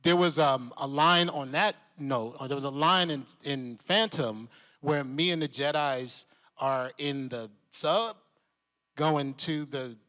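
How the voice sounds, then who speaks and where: An actor appearing as a convention panel guest tells animated stories in the convention hall, laughing and acting out the voices of the people he quotes. His voice is fairly high and slow, and long hall reverb colors the recording.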